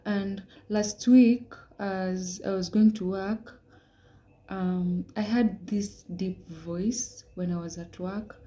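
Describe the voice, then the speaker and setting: A young woman giving an earnest personal testimony, often dropping into hushed half-whispers. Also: mid-range voice. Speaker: vlogger sharing a religious message.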